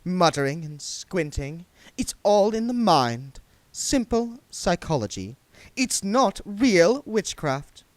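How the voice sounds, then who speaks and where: A man voicing a scornful, condescending young female witch in a storybook reading, slow and cutting. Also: sits high, sing-song, no echo, voice pushed up, heavily acted.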